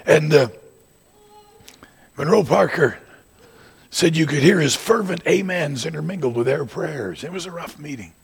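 Gravelly older preacher with a drawl. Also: male voice, on the high side, lively intonation, normal speed, pauses often. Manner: rising to shouts, then dropping to quiet asides. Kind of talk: sermon.

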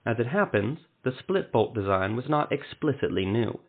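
A man narrating a fantasy story in a steady, descriptive reading style. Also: medium pitch, moderate pace, hardly any pauses, husky. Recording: phone-like narrow sound.

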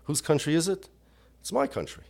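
A man's voice: fairly high pitch, very animated, brisk, vocal fry, a little mellow, breathy edge. A middle-aged American man giving an impassioned religious lecture, emphatic and full of rhetorical questions. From United States. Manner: emphatic, with rhetorical questions and Yiddish and Hebrew terms.

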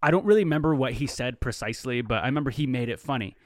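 A man's voice: mid-range voice, expressive, racing, a little mellow, dry recording, studio quality. A man hosting a casual chat, talking reflectively with loose fillers.

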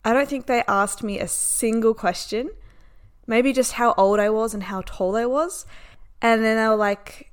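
Lively young woman telling a personal story. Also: a little high, normal speed, smooth. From Australia. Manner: animated, acts out other people's lines. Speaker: vlogger. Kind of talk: casual storytelling.

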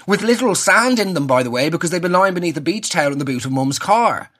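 Husky Irish man ranting sarcastically. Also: high voice, lively intonation, quick pace, a bit bright. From Ireland. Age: 30s. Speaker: podcast host. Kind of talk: comic podcast monologue.

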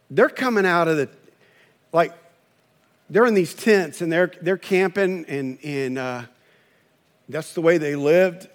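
A man preaching a sermon in a conversational way, acting out quoted voices. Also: on the high side. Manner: conversational preaching, acts out quoted voices, chuckles at own stories. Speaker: pastor.

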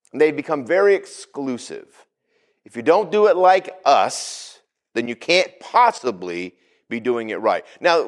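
A man preaches to his congregation in a church. His voice sits a little high and swoops widely as he talks. He acts out scenes from scripture with sudden jumps in his voice. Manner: animated, acts out Bible figures with sudden pitch jumps. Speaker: pastor. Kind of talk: sermon.

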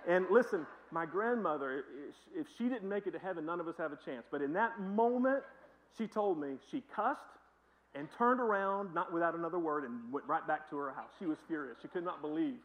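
A man's voice: fairly high pitch, animated, a little fast, lo-fi sound. A male pastor preaching a sermon in a conversational, emphatic way with joking asides.

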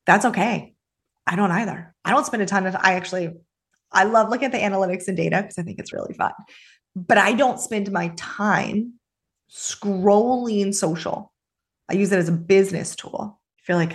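Woman podcast host, chatty and upbeat, mid-range voice, solo coaching talk. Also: mid-range voice. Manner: upbeat, chatty, with quick asides.

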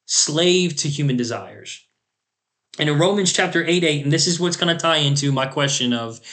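A man's voice: fairly high pitch, fairly bright tone. A man hosting a faith podcast, delivering an earnest, emphatic preaching monologue and quoting scripture. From United States. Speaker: podcast host.

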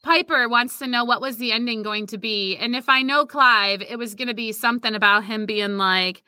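A woman's voice: mid-range voice, steady tone, normal speed, sharp tone, no room sound. A woman reading her own short story aloud expressively, then chatting casually about it over an online call.

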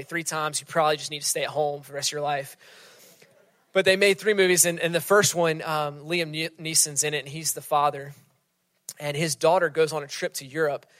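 A man preaching a sermon in a conversational way, often dropping to a soft, hushed voice for emphasis. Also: a little high, no room sound, clean studio sound. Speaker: pastor.

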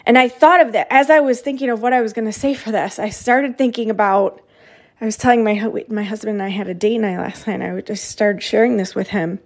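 A woman's voice: fairly high pitch, fairly even intonation, fairly quick. A woman in her thirties giving an earnest, emphatic motivational talk as a coach, often repeating herself for emphasis.

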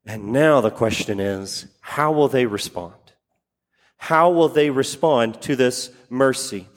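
A man's voice: medium pitch, animated, slow, in a large hall. A man preaching a sermon, repeating key phrases for emphasis and putting questions to his congregation. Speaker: pastor.

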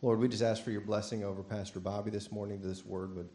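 A man's voice: lowish voice, little pitch movement, fast, mellow, echoey room. A man leading an earnest, heartfelt spoken prayer for a congregation. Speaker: church member leading prayer.

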